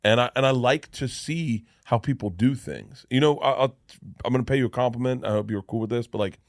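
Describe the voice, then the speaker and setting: A man's voice: medium pitch, a little fast, no room sound, clean studio sound. A man telling rambling, self-deprecating stories in a casual podcast chat, with many restarts. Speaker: comedian guest.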